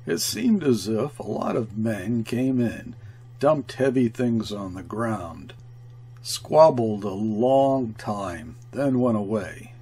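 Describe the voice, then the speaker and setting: A man reading a classic short story aloud as narrator, measured and deliberate. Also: on the low side, big pitch swings, dark tone, slightly rough. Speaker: audiobook reader. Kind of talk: literary narration.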